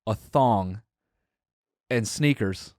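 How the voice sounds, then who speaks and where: A young man with a fairly low voice spins a casual story on a podcast, jumping into the voices of the people he describes and swearing freely. The sound is dry and close to the mic. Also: very slow, darkish tone, no echo. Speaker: podcast co-host.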